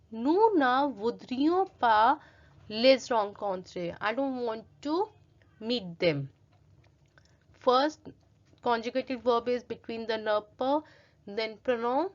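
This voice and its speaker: A woman's voice: a little high, dull audio. A woman teaching a French grammar lesson from slides, reading each French example and then translating and explaining it step by step in English.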